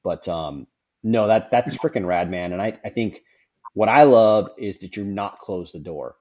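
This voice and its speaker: A man's voice: lowish voice, measured pace, darkish tone. A middle-aged man hosting a casual conversation, frank and rambling, often repeating words as he goes. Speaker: podcast host. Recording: dull lo-fi sound.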